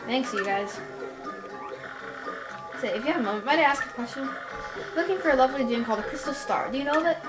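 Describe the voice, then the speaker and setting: A woman's voice: high voice, fast talker, pauses often, pitched above the performer's own voice, close to an everyday voice. Woman reading an earnest young tribe hero. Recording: roomy with game music behind.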